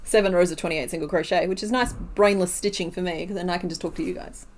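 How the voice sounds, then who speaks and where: A woman's voice: fairly low pitch, quick pace, a little hiss or hum. An Australian woman streaming while she crochets, chatting casually, laughing often and counting stitches under her breath.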